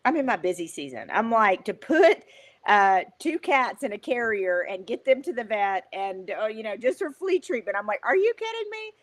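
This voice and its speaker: A woman guest on an interview show, talking in an emphatic, animated, motivational way with frequent fillers. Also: mid-range voice, moderate pace. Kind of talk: motivational conversational talk.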